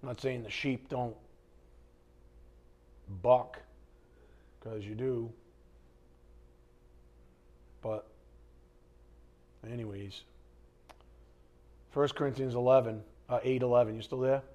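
A man's voice: medium pitch, steady tone, takes it slowly, long pauses, warm tone, dull audio. A man teaching the Bible in a conversational way, blunt and fond of rhetorical questions.

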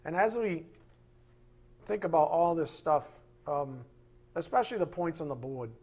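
A man's voice: fairly high pitch, animated, moderate pace, a little mellow. A man pastor preaching a sermon with emphatic, impassioned delivery, acting out quoted voices along the way.

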